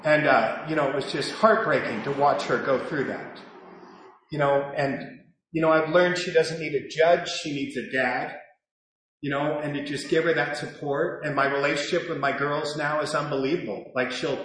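Man, high voice, confessional recovery testimony, very echoey hall, faint hiss behind. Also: fairly even intonation, moderate pace. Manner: raw, confessional, acts out his own shouting and whispering. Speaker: recovery speaker. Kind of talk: personal testimony talk.

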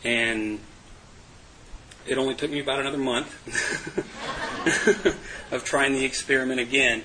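A man's voice: mid-range voice, steady tone, unhurried, bright, forceful tone, a little hiss or hum, rough recording. A man giving a candid, self-mocking personal testimony to a group, laughing often. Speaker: recovery meeting speaker.

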